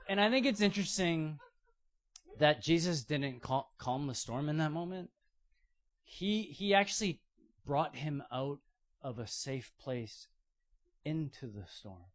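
A man's voice: fairly high pitch, lively intonation, a little slow, pauses often. A man preaching a sermon, retelling stories with playful acted-out voices. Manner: storytelling with playful acted-out quotes. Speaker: pastor.

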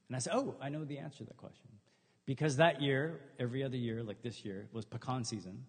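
Man, middle-aged, pastor, sermon, husky voice, casual storytelling, long hall reverb. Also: medium pitch, quick pace. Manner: conversational, humorous storytelling with acted quotes.

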